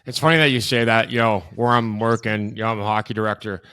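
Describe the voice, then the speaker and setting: Smooth-voiced man, rambling chat. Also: on the low side, fairly even intonation, quick pace, bright, forceful tone, dry recording, studio quality. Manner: rambling, heavy use of "you know". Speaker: hockey director. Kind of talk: casual conversation.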